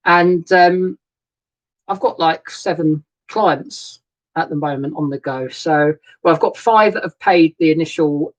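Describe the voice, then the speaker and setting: A man's voice: on the high side, poor audio. Male host, casual rambling chat, friendly greetings to viewers, sofa-side live stream setup. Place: sofa inside a narrowboat. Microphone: laptop webcam setup.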